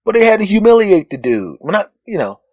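A man hosting a podcast speaks fairly quickly into a phone, with no room sound in the recording. In his comic story about being judged, he gets animated and impersonates the people involved with high, mocking voices.

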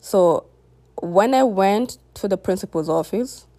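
A woman's voice: mid-range voice, lively intonation, unhurried, mellow, no echo. A young woman telling a personal story to her viewers in a candid, reflective way. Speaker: vlogger. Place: home near a busy road.

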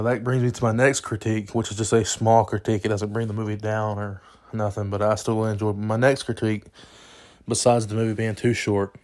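A young man talks through a movie review in a loose, rambling way, restarting sentences and leaning on "you know." His voice sits low and stays fairly even in pitch, even when he gets excited. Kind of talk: casual spoken movie review.

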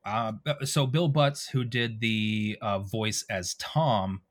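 Low-voiced man telling studio stories. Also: takes it slowly. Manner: animated, acts out quoted dialogue. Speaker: voice actor guest. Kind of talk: casual interview storytelling.

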